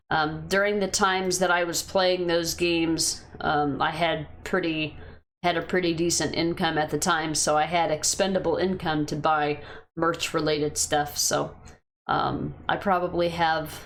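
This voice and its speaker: A woman's voice: lowish voice, slight background noise. A young adult woman from the United States, streaming a game and chatting casually with viewers in a rambling way. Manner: rambling, talks to chat and her cat. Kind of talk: casual chat with live chat. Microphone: headset.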